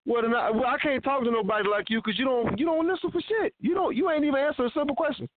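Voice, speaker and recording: Male talk-radio co-host: quick, profane, combative, badgering; tinny phone-line sound. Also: extremely high pitch, no echo. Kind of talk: heated radio banter.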